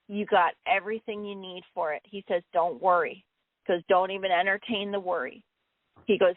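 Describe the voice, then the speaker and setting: A woman's voice: medium pitch, no room sound. Reassuring woman medium on a phone line. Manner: reassuring, relays quotes with filler pauses. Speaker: medium, co-host. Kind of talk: relaying spirit messages on a call-in show. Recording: dry, tinny phone-line audio.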